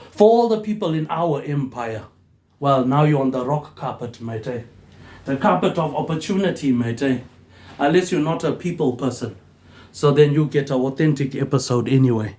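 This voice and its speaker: Kiwi guy in his 40s rambling on, says mate eh after everything, middle pitch voice. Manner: tags nearly every phrase with "mate, eh", trailing off softer. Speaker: vlogger. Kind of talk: rambling monologue.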